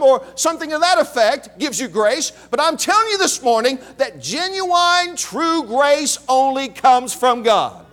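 A man's voice: extremely high pitch, fairly bright tone. A male preacher delivering a sermon emphatically, repeating key phrases and calling out to his congregation.

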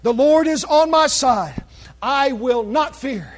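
Very high-voiced preacher, shouting. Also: male voice, animated, slow. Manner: preaching with frequent shouted exclamations; reads scripture in King James wording. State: losing his voice. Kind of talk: sermon.

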